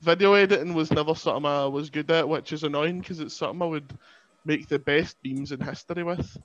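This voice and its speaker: Scottish male podcast host, young, higher-pitched, self-deprecating, dull dry mic sound. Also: a little fast, no echo. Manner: chatty, self-mocking, laughs often. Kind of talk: casual chat.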